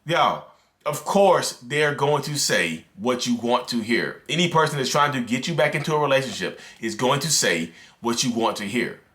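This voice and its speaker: A man, talking casually to camera as a video host, animated and ranting, with many filler words. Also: mid-range voice, normal speed. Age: 30s. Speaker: mental health video host. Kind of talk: casual direct-to-camera talk.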